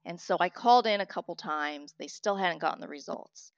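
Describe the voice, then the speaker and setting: Woman in her 30s, guest telling her story, lowish voice, talks on and on with restarts, dry dull lo-fi sound. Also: a little fast, no room sound. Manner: candid, heartfelt, talkative with restarts. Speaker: interview guest, author. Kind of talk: personal story in an interview.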